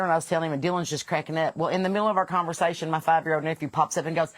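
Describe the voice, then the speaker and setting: A woman's voice: sits low, steady tone, very fast, hardly any pauses, no echo. A woman in her forties with a Southern US accent hosting a podcast, chattily telling anecdotes and laughing through them. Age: 40s. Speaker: podcast host. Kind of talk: casual family chat.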